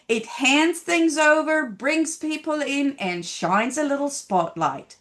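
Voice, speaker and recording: Woman w doing a video lesson, high voice, bouncy, takes her time. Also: slow pace. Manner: lively, demonstrative, stresses example phrases. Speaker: language teacher.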